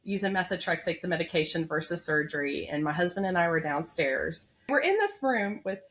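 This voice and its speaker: Woman in her thirties, podcast guest, nurse, heartfelt, candid storytelling, somewhat low voice. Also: very animated, brisk, fairly bright tone. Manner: candid, heartfelt, full of fillers. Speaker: labor and delivery nurse. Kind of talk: emotional personal story in an interview.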